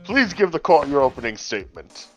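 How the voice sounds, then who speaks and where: Brief: formal old male judge from a game dub, voiced by a woman, lively pitch, dull lo-fi mic. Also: fairly quick, faint music behind. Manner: formal, stumbling over names. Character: stiff elderly male courtroom judge. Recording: dull lo-fi sound.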